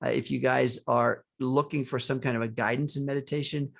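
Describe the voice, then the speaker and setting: At a brisk clip, a man with a gravelly, fairly bright, medium-pitched voice and steady tone co-hosts a live spiritual coaching talk online. He speaks earnestly and motivationally about surrendering and focusing on joy, often restarting and chuckling.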